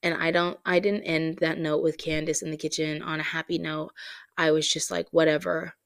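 Woman host, lowish voice, dry close mic, candid personal story with lots of um and like. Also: normal speed, no echo. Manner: candid, animated, many fillers. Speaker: podcast host.

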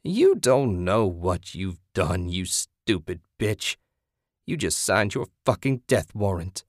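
A man's voice: deep voice, big pitch swings, no room sound, clean studio sound, exaggerated voice. A man voicing a vicious, cackling backwoods woman who hisses taunts and threats in an audiobook. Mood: threatening. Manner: taunting, hissing, drawn-out menace.

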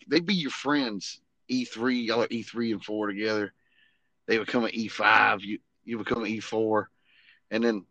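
Bright-voiced, profane man telling war stories. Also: medium pitch, dry recording, highs cut off. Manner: profane, animated, repeats "you know what I mean". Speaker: podcast host and Army veteran. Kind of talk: casual storytelling chat.

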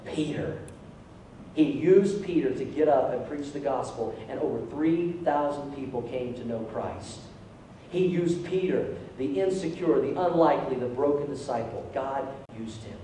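Animated male pastor in an echoey church. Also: medium pitch, unhurried, slight background noise. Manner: animated, call-and-response with the congregation. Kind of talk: sermon. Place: church sanctuary. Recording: echoey hall from far off.

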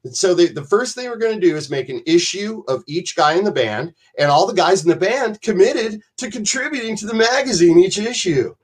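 A man's voice: high-pitched, animated, brisk, few pauses, breathy edge. A man telling rambling, profane stories as a podcast guest, acting out other people's voices as he goes. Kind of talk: casual storytelling on a podcast.

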